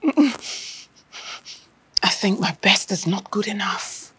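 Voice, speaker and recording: An actress with a Nigerian accent playing a grief-stricken mother of a missing daughter, speaking in a tearful, halting, whispery way. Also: high-pitched, lively intonation, a little mellow, poor audio. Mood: despairing. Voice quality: breathy, whispery. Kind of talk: film drama acting.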